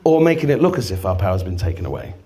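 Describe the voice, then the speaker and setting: A man's voice: low voice, huge pitch swings, rapid-fire, warm tone, breathy edge. Rambling, swearing man talking live. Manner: rambling, swearing, acts out quoted exchanges. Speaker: guest speaker. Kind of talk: casual live talk to an audience. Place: event venue before a live audience.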